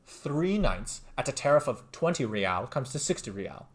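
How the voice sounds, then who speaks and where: A man's voice: medium pitch, big pitch swings, moderate pace, natural voice. A man reading out a sarcastic, exasperated hostel manager in a video game. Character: sarcastic male hostel manager, middle-aged.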